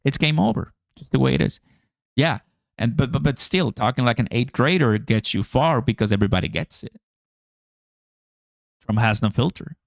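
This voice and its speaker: A man's voice: mid-range voice, normal speed, creaky, long pauses, no echo, studio quality. A man hosting a crypto livestream, chatting casually to viewers in a slangy way and laughing often.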